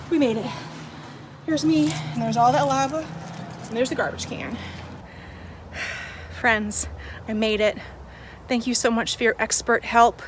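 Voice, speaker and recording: A woman leading a pretend-play segment on a children's show, animated and dramatic. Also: fairly high pitch, a little slow, pauses often, very noisy. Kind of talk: playful pretend-play for kids.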